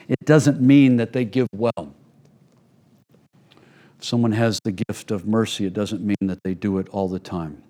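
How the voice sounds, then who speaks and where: Man preaching in a relaxed, chatty way. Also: lowish voice. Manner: conversational preaching with acted-out little scenes. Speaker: pastor. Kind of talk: sermon.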